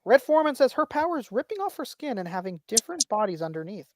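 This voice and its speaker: A woman's voice: on the high side, big pitch swings, quick pace, darkish tone, no echo, studio quality. A woman hosting a casual podcast chat and reading out viewer comments. She rambles and repeats her phrases. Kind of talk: casual toy-collector chat.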